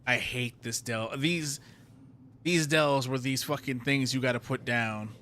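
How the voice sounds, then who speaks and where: A man's voice: mid-range voice, measured pace, pushed and bright, a little hiss or hum. A man streaming a game, ranting heatedly with lots of swearing. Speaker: gaming streamer. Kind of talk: ranting commentary while playing a game.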